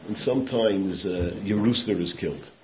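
A man with a very low voice delivers a sermon built around stories, sinking to a hush and then surging into loud, emphatic bursts. He mixes Yiddish and Hebrew words into his talk. The recording is echoey and muffled, with a faint hiss behind it. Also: normal speed. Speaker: rabbi giving a talk. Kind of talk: sermon with storytelling. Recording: echoey room, muffled sound, faint background noise.

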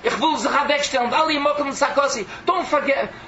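Man voicing a suffering old man, anguished pleading, high voice. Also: fairly quick, reverberant, far from the mic, muffled recording, crowd noise. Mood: protesting. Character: suffering righteous older man, aggrieved and protesting.

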